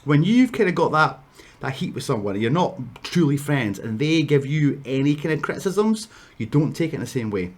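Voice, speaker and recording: A man's voice: on the high side, very animated, normal speed. A man with a Scottish accent casually telling a wrestling story, rambling with asides and restarts.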